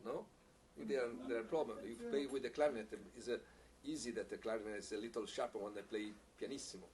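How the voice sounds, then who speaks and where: A man teaching a piccolo masterclass, speaking haltingly, repeating words and using non-native phrasing, with frequent small laughs. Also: medium pitch, steady tone, crowd noise. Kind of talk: masterclass teaching, answering questions. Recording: distant mic with faint background hiss.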